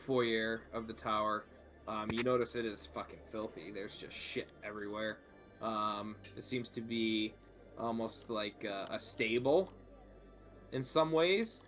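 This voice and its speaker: A man narrating as game master in a tabletop game, relaxed and full of fillers. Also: fairly low pitch, a little slow, faint music behind.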